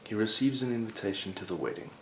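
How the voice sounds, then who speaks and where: A man tells a story in a relaxed, conversational manner, peppering it with "sort of." His voice is low. The recording has a roomy echo and faint background noise. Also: fast talker. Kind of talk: oral storytelling.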